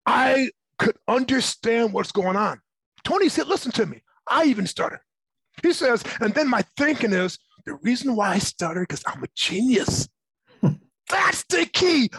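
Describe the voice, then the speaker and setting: Husky middle-aged man telling stories. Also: high voice, dry recording, rough recording. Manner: animated, acts out voices in his stories. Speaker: interviewee. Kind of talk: personal storytelling.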